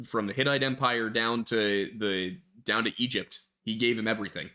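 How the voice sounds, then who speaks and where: A man co-hosting a podcast in casual discussion, adding calm, thoughtful remarks. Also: lowish voice, normal speed.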